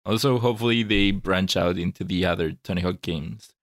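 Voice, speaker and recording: A man's voice: deep voice, brisk, no room sound, clean studio sound. A man co-hosting a video game podcast, talking in an earnest, reflective way and often restarting his phrases. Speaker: podcast co-host. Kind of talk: casual chat.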